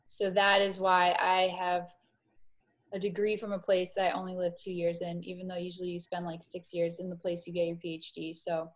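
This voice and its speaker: A woman in her forties from Miami, a guest psychologist explaining her field in a measured, clear conversational way. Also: fairly low pitch, monotone. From Miami, Florida.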